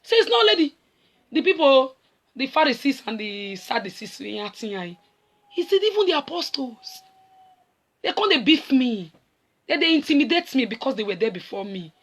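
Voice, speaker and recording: A middle-aged Nigerian woman preaches with a high voice. Her pitch rises and falls a great deal. She slips between Pidgin and English and acts out the voices in the scripture as she goes. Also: very animated, moderate pace. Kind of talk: sermon.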